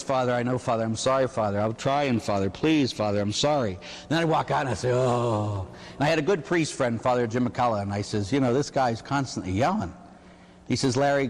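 A middle-aged priest from the Pittsburgh area giving a homily on confession, telling stories and acting out penitents with a rhetorical "huh?". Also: male voice, medium pitch, long reverb tail. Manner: animated storytelling, acts out penitents and God with rhetorical "huh?".

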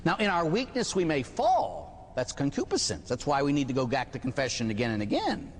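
A man who is a Catholic priest, giving an animated sermon with rhetorical questions and little stories. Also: a little high, fairly quick, a little hiss or hum. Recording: hall reverb.

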